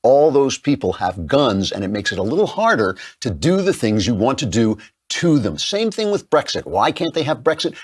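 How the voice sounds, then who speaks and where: A man's voice: on the low side, breathy edge. A middle-aged man hosting a show, delivering emphatic, combative opinion commentary. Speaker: political commentary host.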